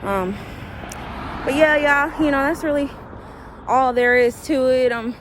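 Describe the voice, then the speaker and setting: Animated woman vlogger, traffic noise behind. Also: sits high, a little slow. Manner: animated and emotional, swings from shrieks to murmurs. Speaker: TV recap vlogger. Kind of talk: casual chatty episode recap. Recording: steady background traffic noise.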